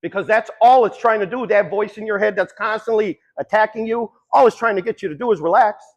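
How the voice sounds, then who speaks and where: A man's voice: high voice, brisk, rough recording. A man giving a long-winded, conversational motivational talk about addiction, swearing casually as he tells stories. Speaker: speaker.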